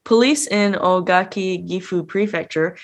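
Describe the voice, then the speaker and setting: A woman's voice: lowish voice, measured pace. Woman reading news steadily. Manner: steady, matter-of-fact. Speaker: podcast co-host reading news.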